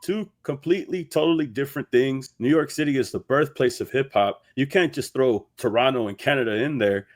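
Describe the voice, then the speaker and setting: A man delivering a steady, argumentative opinion segment in a commentary video. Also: mid-range voice, fairly quick, few pauses.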